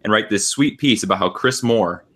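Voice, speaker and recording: A man with a lowish voice, from California, talks about his fantasy football writing. He grumbles with a wry, storytelling edge. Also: normal speed, fairly bright tone, slightly rough. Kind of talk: casual sports chat.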